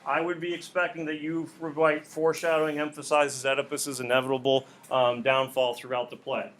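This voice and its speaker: A male high school English teacher explaining an assignment to his class, patient and repeating key points. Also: fairly bright tone, a little hiss or hum. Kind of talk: classroom instruction.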